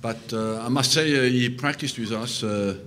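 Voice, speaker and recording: An older man, a football manager, answering press questions slowly and hesitantly, with many fillers. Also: medium pitch, a bit bright, slight background noise.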